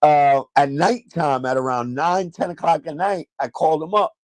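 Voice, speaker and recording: A man's voice: on the high side, moderate pace, a little mellow, no room sound. Profane, laid-back male livestream host. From New York. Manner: loose, profane storytelling with laughs. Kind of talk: casual livestream chat. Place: at home, seated in a chair.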